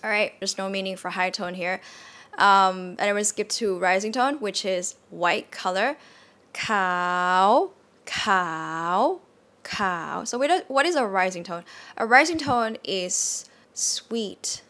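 A woman's voice: medium pitch, measured pace, bright, forceful tone. A woman with a Thai accent teaching a casual online language lesson, often repeating words aloud to show the tones. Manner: demonstrates tones by repeating words, chatty with many fillers.

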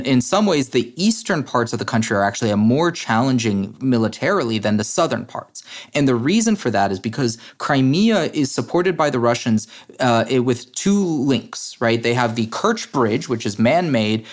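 A man as a podcast guest, talking in an analytical, brisk way with frequent fillers and restarts. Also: medium pitch, expressive. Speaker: guest, head of a democracy advocacy group. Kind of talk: podcast interview.

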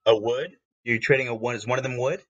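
A man's voice: mid-range voice, steady tone, quick pace, no room sound, lo-fi sound. A young adult man playing a board game over a video call, joking and playful. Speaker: player. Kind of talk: casual game chat.

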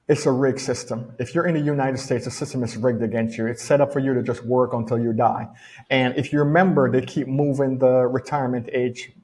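A man's voice: medium pitch, a little mellow. Middle-aged Jamaican man coaching emphatically. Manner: emphatic, repeats key phrases. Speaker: personal development coach. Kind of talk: casual motivational talk. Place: home in rainy weather.

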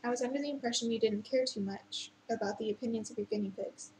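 A woman's voice: on the high side, quick pace, darkish tone, a little hiss or hum, close to an everyday voice, rough recording. A woman reading the lines of a guarded young cyborg mechanic, who talks in a sarcastic, wary way. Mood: defiant.

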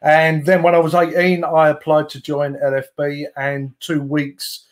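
Chatty Cockney man, fairly high voice. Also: monotone, a little slow. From East London, England. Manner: chatty storyteller, jokey. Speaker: guest, former fire brigade chief. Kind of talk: casual chat.

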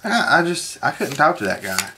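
A woman's voice: deep voice, sing-song, normal speed. A woman chatting casually while opening card packs, rambling through a work story and reading card names aloud. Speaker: card pack opener, co-host. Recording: noisy with wrapper crinkling.

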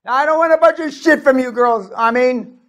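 A man giving an aggressive, profane seminar rant, berating his audience and shouting often. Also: very high voice, brisk. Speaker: business seminar speaker.

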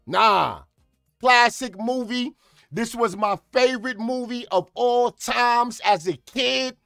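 A man hosting a reaction channel, delivering comedic commentary in a profane, ranting style and often shouting. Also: very high-pitched, slow, gravelly, no echo, studio quality, soft background music.

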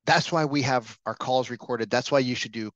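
Brief: male trainer, mid-pitched, casual coaching delivery, dry slightly dull lo-fi audio. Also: moderate pace, a bit bright, no room sound. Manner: casual, coaching, asks the room questions. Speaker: real estate sales trainer. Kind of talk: live training session talk.

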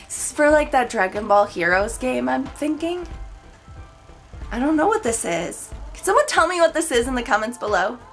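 Her sing-song voice sits high and moves at a moderate pace over soft background music. The young YouTuber is gushing through an excited unboxing vlog, full of squealing exclamations, chatty asides, and voice cracks.

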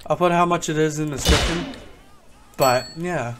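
A man's voice: fairly high pitch, moderate pace, a bit bright, slight background noise. A man giving casual gameplay commentary as a gaming YouTuber, joking and mock-serious while he chats at other players.

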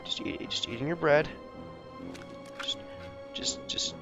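A young man giving jokey, excitable commentary over a video game he is playing, often talking to the characters on screen. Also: a little high, slow, over music. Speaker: gameplay commentator. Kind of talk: let's play commentary.

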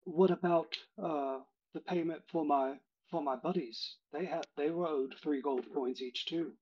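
Brief: man voicing a shy, stammering tabletop henchman, husky and lo-fi. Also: on the high side, unhurried. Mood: pleading. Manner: hesitant, stammering. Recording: dull lo-fi recording.

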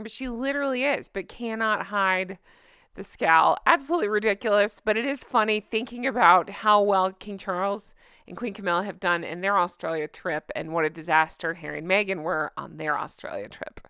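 A woman's voice: medium pitch, fairly quick, pushed and bright, clear, resonant tone, no echo, clean studio sound. A woman hosting her own commentary vlog, chatty and bubbly, laughing often as she talks to her viewers. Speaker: vlog host.

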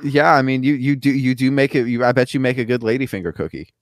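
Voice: mid-range voice, fairly even intonation, quick pace, no room sound, studio quality. A podcast co-host in casual chat who reacts with jokes and playful questions. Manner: reactive, joking, with wide swings in tone.

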